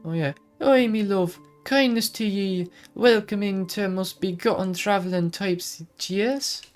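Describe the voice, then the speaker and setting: A woman's voice: mid-range voice, a little slow, a little mellow, faint music behind, pitched above the performer's own voice, natural voice. A woman voicing a mysterious wandering magic woman with a put-on Irish-type lilt and garbled, old-timey phrasing.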